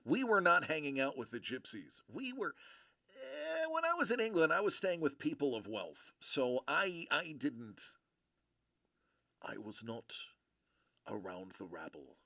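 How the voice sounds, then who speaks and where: This card-breaking livestream host has a slightly high, gravelly, bright voice with huge swings in pitch, and he speaks forcefully but without hurrying. The studio sound is clean with no echo as he rambles and jokes casually with his live audience.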